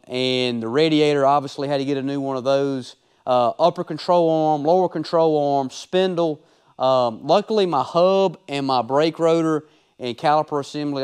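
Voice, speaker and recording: A man's voice: a little high, darkish tone, smooth. A man, a race car driver giving laid-back, folksy voice-over commentary on his own race footage.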